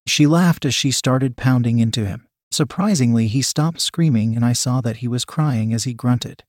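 A man narrates a first-person story in a steady, matter-of-fact voice. His pitch sits in the ordinary middle range. The recording is close and completely dry, with no room sound at all. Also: normal speed, few pauses, no room sound.

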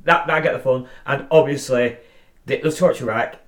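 A man's voice: medium pitch, moderate pace. A young man in a mid-range voice gives his views as a podcast co-host, leaning on swear words for emphasis. He chats casually and chuckles at himself now and then. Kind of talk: casual opinion chat.

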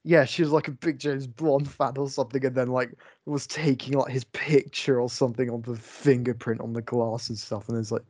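A man chatting on a film review podcast, hesitant and loaded with fillers as he gathers his thoughts. The sound is dry and close, with no room around it. His pitch sits in an ordinary middle range. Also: steady tone, fairly quick, hardly any pauses, darkish tone, dry recording. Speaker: podcast co-host. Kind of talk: casual film review chat.

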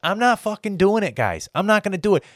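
A man's voice: sits high, very animated, fast, no room sound, clean studio sound. A man from the United States delivering an angry, profane political rant that keeps circling back on itself. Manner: profane, repetitive, heated.

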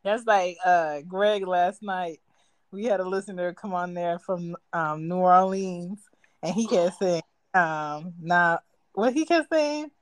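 A woman's voice: lowish voice, takes it slowly, clear, resonant tone, no echo, low-quality recording. A woman co-hosting a casual podcast, telling stories in an easygoing, wry way. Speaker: podcast co-host.

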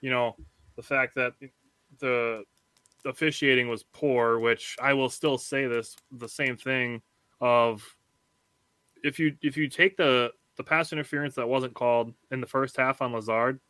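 A man hosting a casual sports podcast, talking in halting, filler-heavy stretches as he argues his points at length. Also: mid-range voice, fairly even intonation, pushed and bright, smooth, no echo. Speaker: podcast host.

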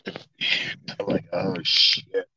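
A middle-aged man, an actor being interviewed, telling stories in a casual, animated and profane way, acting out quotes. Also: extremely slow, dry recording, rough recording. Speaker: actor guest.

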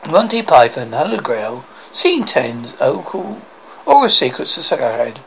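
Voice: mid-range voice, very animated, normal speed, creaky, a bit bright, slight background noise. A reader going through a film script aloud, reading the speaker tags and speaking the sound effects. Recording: dull lo-fi recording.

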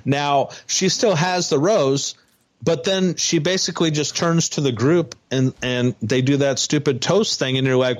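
A man's voice: on the high side, unhurried. Man co-hosting a casual podcast. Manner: animated storytelling, acts out quotes. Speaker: podcast co-host.

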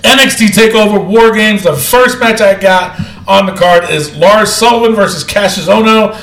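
A man's voice: sits high, moderate pace, fairly bright tone, slight background noise. A man hosting a casual wrestling podcast, laughing often and talking in a loose, profane way. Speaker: podcast host. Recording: roomy echo.

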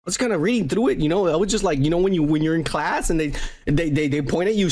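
A man's voice: fairly high pitch, lively intonation, quick pace, a little mellow. A man hosting a podcast, bantering crudely and teasing his co-host with lots of swearing. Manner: profane, boisterous, teasing.

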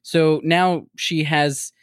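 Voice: mid-range voice, extremely slow, clear, resonant tone, no echo, clean studio sound. Speaker reacting to a book with disbelief. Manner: animated, incredulous commentary on the plot. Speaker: podcast co-host. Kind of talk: casual book-recap chat.

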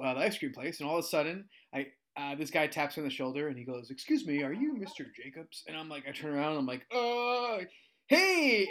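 A man in his thirties telling funny stories in casual chat, acting out the voices he quotes and jumping up in pitch. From United States. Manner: animated, acts out quoted voices, jumps in pitch. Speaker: guest storyteller.

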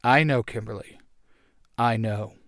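A man voicing a wise, grave male mentor who speaks in a measured way. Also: fairly low pitch, a bit bright, no room sound, clean studio sound, pitched below the performer's own voice.

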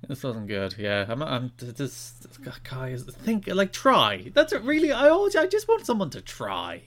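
A man co-hosting a podcast in casual chat, ranting in an animated, exasperated way. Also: medium pitch, normal speed. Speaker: podcast co-host.

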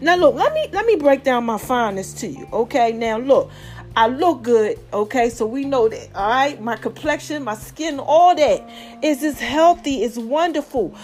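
A woman's voice: sits high, animated, normal speed, darkish tone, faint music behind. A woman in her forties hosting a podcast, talking in a sassy, playful casual monologue and laughing often. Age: 40s. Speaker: podcast host.

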